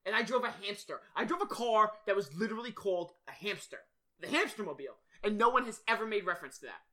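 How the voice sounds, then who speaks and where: A man's voice: high-pitched, expressive, fast talker, sharp tone. A man hosting a podcast in casual chat, rambling, swearing and often laughing. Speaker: podcast host.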